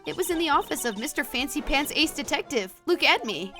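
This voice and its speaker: A woman voicing a bubbly, dramatic young woman, loud and theatrical, as she reads a game aloud. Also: high-pitched, expressive, fairly quick, over music, voice pushed up. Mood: gushing. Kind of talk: reading a visual novel aloud.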